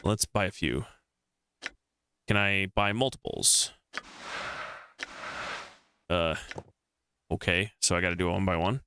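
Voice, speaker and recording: A man's voice: low voice, fairly even intonation, slow, pauses often, sharp tone, smooth, dry recording, clean studio sound. A man streaming a game, casually thinking aloud and reading the text on screen.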